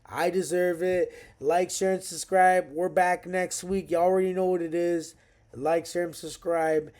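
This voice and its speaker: Man in his thirties, MMA recap vlogger; profane, slangy, excitable delivery with a mellow, warm tone. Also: sits high, normal speed. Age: 30s. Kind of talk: casual fight recap monologue.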